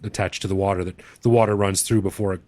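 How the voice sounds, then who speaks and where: Canadian-raised podcast host, man, low and relaxed, curious interviewer, dry sound. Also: fast, dry recording. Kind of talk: casual interview chat.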